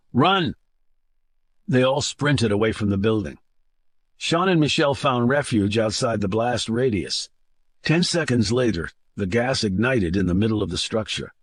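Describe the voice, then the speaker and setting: A man reading a thriller novel aloud as an audiobook narrator, with a steady, measured delivery into a close studio mic. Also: lowish voice, husky, no echo. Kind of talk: scripted narration.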